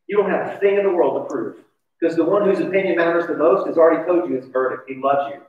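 A man's voice: on the high side, fast talker. Male pastor, sermon, conversational and confessional, heard from far off on a dull, muffled recording. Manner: conversational, confessional, asks the audience questions. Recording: distant, echoey, dull church recording.

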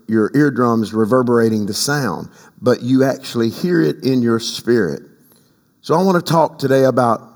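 An older man preaching a sermon as pastor, emphatic, leading the congregation in call-and-response. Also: mid-range voice. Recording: long hall reverb.

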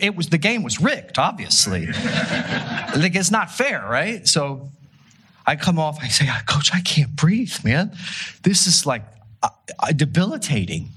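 A man delivers a sermon with a slightly husky, breathy voice. He talks like he is chatting with the congregation, tossing in jokes and stumbling over restarts as he tells a story. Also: mid-range voice, bright, forceful tone. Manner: conversational, joking, with many restarts. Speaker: pastor.

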